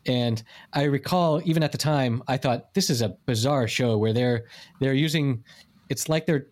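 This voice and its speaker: A man's voice: mid-range voice, moderate pace. A man in his forties talks casually on a podcast. He rambles, circling back and restarting his thoughts as he goes. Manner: rambling, with many restarts and fillers. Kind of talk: casual chat.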